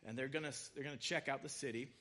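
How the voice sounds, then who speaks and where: A man giving a sermon, retelling scripture stories in a casual, conversational way with quick voiced asides. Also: mid-range voice, steady tone, sharp tone. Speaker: preacher.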